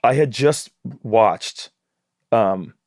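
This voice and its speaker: Man, forties, guest actor, lively storyteller who trips over his words, close dry sound. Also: fairly low pitch, extremely slow, no room sound. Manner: animated storyteller with frequent restarts. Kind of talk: casual chat.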